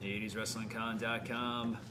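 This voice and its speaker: A man's voice: on the low side, flat delivery, measured pace, noisy background. A man hosting a live online autograph signing, chatting about wrestling and reading out fan names and orders. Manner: reads out fan names and towns, plugs the website. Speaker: host of live virtual signing. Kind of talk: casual live-stream hosting.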